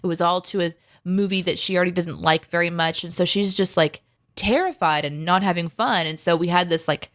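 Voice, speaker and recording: A woman's voice: on the low side, fairly quick, a bit bright. A woman co-hosting a podcast in casual chat, talking animatedly and laughing often. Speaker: co-host.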